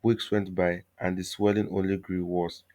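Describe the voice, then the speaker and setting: A male storyteller reading a folktale aloud with steady, measured pacing. His voice sits very low and deep, and he carries the tale like a calm fireside narrator.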